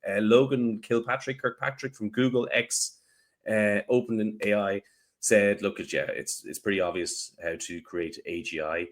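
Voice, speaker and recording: Podcast co-host, male, low-ish voice, blocked nose, excitable and halting. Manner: excitable, trails off and restarts often. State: congested and nasal from a cold. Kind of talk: casual podcast chat.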